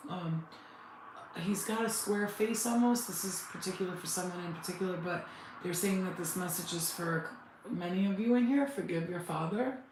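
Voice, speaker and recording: A woman psychic medium channeling messages in a halting, repetitive, emotional way, close to tears. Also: lowish voice, a little mellow. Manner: halting, repetitive, restarts words. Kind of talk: live spirit channeling session. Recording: very echoey room, faint background noise.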